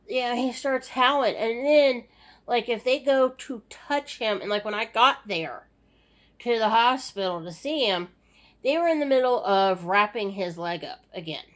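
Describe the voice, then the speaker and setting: A middle-aged woman giving a casual, rambling personal video update, weary and sighing often, with many restarts. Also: on the high side. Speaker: vlogger. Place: home at night.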